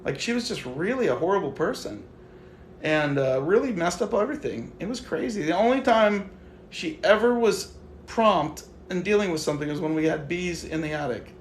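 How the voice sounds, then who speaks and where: A young man on a live stream tells a story with lots of swearing, acting out his side of the conversations. His voice sits a little high and lively. The room around him is roomy, with a faint hiss underneath. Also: moderate pace. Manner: animated storytelling, swearing, quoting himself. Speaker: livestream host. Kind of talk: casual livestream chat.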